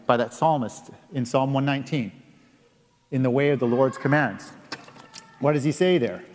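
A man preaching a sermon in an earnest way, reading scripture aloud and stressing key words with pauses. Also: medium pitch, darkish tone. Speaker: pastor. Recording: long reverb of a large hall.

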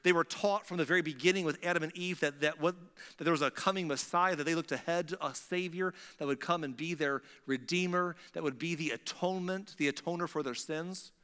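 Emphatic male pastor, bright and echoing. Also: a little high, brisk, hardly any pauses, smooth. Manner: emphatic, repetitive, with frequent restarts. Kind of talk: sermon. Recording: long hall reverb.

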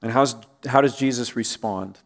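A man's voice: medium pitch, normal speed, gravelly. A man preaching a sermon in a conversational way, often asking listeners rhetorical questions and letting his voice drop at the ends of phrases. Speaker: pastor.

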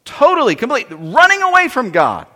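A man's voice: extremely high pitch, huge pitch swings, fast talker, bright, forceful tone. A man preaching a sermon, explaining scripture verse by verse and often repeating and restarting his phrases. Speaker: pastor. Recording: long reverb of a large hall.

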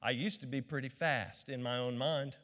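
A man's voice: mid-range voice, steady tone, normal speed, fairly bright tone. A middle-aged man preaching a sermon as pastor, fervent and playful by turns. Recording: long hall reverb.

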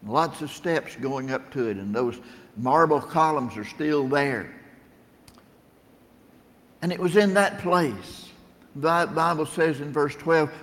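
A man's voice: fairly high pitch, fairly bright tone. A middle-aged man preaching a sermon in a plain-spoken, storytelling way, lifting his voice when he quotes scripture. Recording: long reverb of a large room.

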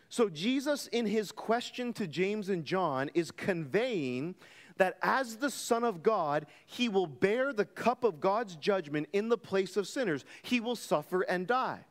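High, animated preaching man in reverb. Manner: emphatic expository preaching. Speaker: pastor. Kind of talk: sermon.

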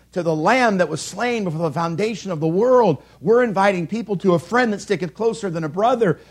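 Pastor guy preaching at the pulpit, kinda husky voice, lots of questions and repeating himself for emphasis. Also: high voice. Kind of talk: sermon. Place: church sanctuary at a pulpit.

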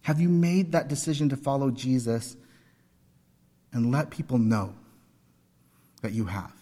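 A man's voice: medium pitch, steady tone, unhurried, warm tone. A man in his forties preaching a sermon, telling personal stories with earnest, emphatic repetition. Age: 40s. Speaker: pastor. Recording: long hall reverb.

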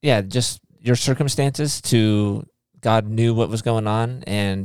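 A woman's voice: a bass voice, steady tone, slow, hardly any pauses, a little mellow, clean tone, no echo. A woman hosting a faith podcast, answering her guest with encouraging, affirming remarks. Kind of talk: casual faith podcast chat.

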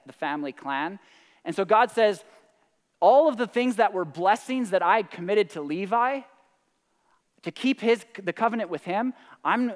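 A man preaches with a high, bright voice and acts out quoted words with rising intensity. His sermon rings out in a large hall with a long trailing reverb. The delivery is animated and emphatic. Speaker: pastor.

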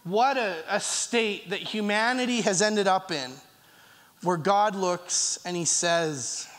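High-voiced pastor with a slight cough. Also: male voice, a bit bright. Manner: earnest, with pauses and restarts, reading scripture aloud. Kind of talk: sermon. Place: church. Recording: long reverb of a church hall.

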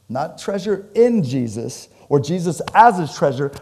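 A pastor preaches at a moderate pace with few pauses, animated and conversational as he jokes with the congregation. His pitch and loudness swing across a wide range.

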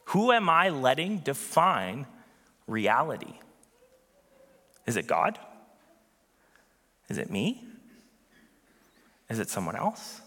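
A man preaching a sermon as pastor, earnest and emphatic, with dramatic pauses. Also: mid-range voice, big pitch swings, bright, forceful tone, husky, big-room sound.

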